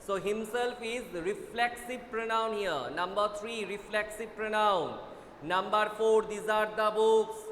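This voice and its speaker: A man with an Indian English accent teaching an online class, brisk and urging students to hurry, often repeating himself. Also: high-pitched, a bit bright. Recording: echoey room with faint noise.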